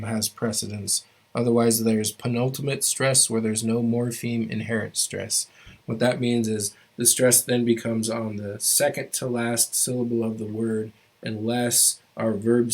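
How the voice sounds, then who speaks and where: Male language teacher, low-pitched and even-toned, halting delivery, walks students through grammar rules. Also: gravelly, husky. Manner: halting, stops often to restart phrases; explains rules step by step to students. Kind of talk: classroom grammar lesson.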